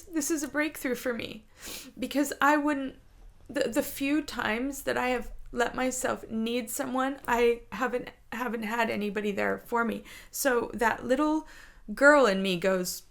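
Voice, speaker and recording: A woman's voice: on the high side, moderate pace, creaky, a bit bright. A woman, a mother, giving an intuitive spiritual guidance talk, confiding and emotional, often repeating herself and at times teary. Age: adult, a mother.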